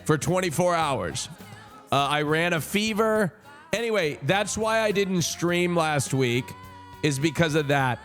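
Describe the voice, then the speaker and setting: A man streaming, telling a personal story to his chat in a casual, animated way, swearing and swinging between high indignant protests and low earnest tones. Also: measured pace, soft background music.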